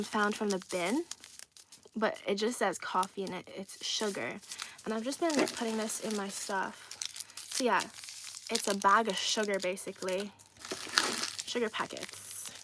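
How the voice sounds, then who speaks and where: A woman's voice: medium pitch, background noise. A young woman chatting casually on a livestream, reading viewers' comments aloud with frequent giggles. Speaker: streamer reading live chat.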